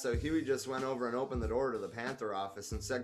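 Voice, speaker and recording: A man's voice: mid-range voice, fast, hardly any pauses, faint music behind. A man reading a memoir aloud, breaking off for casual, profane, amused asides. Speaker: reader.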